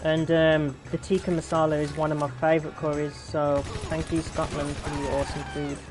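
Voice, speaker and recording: A man's voice: fairly high pitch, completely flat delivery, brisk. A young British man chatting casually while playing, rambling and answering his chat. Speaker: gaming YouTuber. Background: game music and gunfire.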